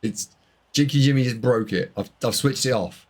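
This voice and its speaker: A man's voice: mid-range voice, normal speed. A man streaming a board game live, bantering and teasing with his chat in casual commentary.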